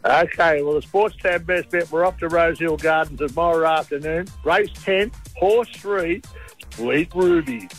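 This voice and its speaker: High-voiced Australian regular, a jovial blokey tipster, with a light music bed underneath. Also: male voice, moderate pace. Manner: jovial, blokey, laughs easily. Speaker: regular betting and drinks tipster. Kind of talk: casual radio segment.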